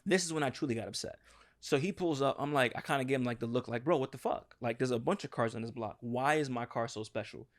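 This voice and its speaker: A man's voice: medium pitch, fast talker. A man telling a long profane story on a casual podcast, acting out what people said. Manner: animated, profane, acts out quotes. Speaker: podcast co-host.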